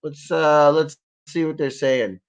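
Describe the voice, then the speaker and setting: A man's voice: fairly high pitch, slow pace, clean tone. A man from Ontario, hosting a livestream and ranting with constant swearing and rambling asides. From Ontario, Canada. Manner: angry, profanity-laden, rambling. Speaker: livestream host. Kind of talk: profane ranting commentary.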